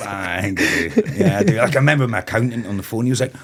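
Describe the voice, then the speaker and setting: A man's voice: medium pitch, sing-song, fast talker. A man of around forty from Moray in Scotland, a festival owner telling stories as a guest in a casual podcast chat. He rambles, swears freely and laughs often.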